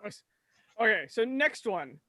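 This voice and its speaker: A woman hosting a live web show, briskly reading out viewer questions and keeping things moving. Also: medium pitch, sing-song, bright, forceful tone, dry recording. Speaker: host. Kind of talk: casual live-stream chat.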